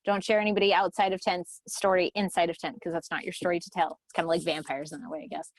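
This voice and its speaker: A woman guest on a podcast interview, talking casually in an earnest, heartfelt way and sometimes dropping softly to a near whisper. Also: fairly low pitch, steady tone, fast talker, no echo, clean studio sound. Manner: warm, earnest, softens to near whispers when moved. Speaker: guest, event organizer.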